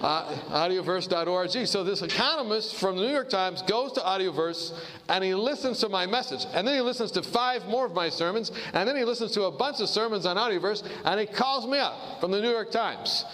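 A man's voice: sits high, lively intonation, fairly quick, fairly bright tone. Chatty preacher man in a reverberant hall. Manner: chatty, humorous storytelling with asides to the audience. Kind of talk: sermon-style talk.

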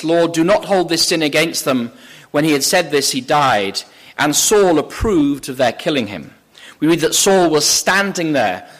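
Preaching a sermon, a man reads scripture aloud from slides on a screen, his voice rising with emphasis on the quoted passages. He has a medium pitch and a fairly bright tone, in a church or lecture hall with slides.

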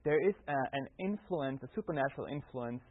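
Man, husky, earnest Bible discussion, reflective, tinny phone-like sound. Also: medium pitch, animated, a little fast, dry recording. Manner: earnest, reflective, with frequent restarts. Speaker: Bible study panelist.

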